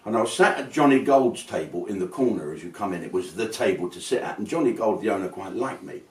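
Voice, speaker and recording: A man's voice: on the low side, animated, fast talker, a little mellow, recorded from a distance. An older man spins rambling, profanity-laced comic anecdotes. His voice swings widely up and down. It sits back from the mic in a roomy, echoing space. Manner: swearing, rambling, slips into put-on voices. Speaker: comedian telling stories. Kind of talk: casual anecdotal storytelling.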